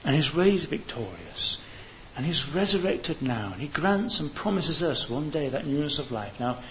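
A man's voice: fairly high pitch, big pitch swings, moderate pace, fairly bright tone. Male preacher, earnest and fervent; slightly muffled recording with faint hiss. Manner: earnest, rising to fervent appeals. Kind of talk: evangelistic sermon. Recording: dull hissy recording.

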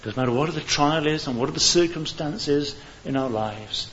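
A man's voice: a little high, moderate pace, fairly bright tone. Earnest male preacher on a dull, hissy recording. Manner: earnest, rising to fervent appeals. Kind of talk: evangelistic sermon.

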